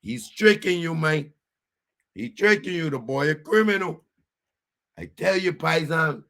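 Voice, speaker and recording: Gravelly wise-guy mobster, a man putting it on. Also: a little high, sharp tone, pitched above the performer's own voice, exaggerated voice. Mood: wheedling. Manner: wheedling gangster talk, drawn-out name calling.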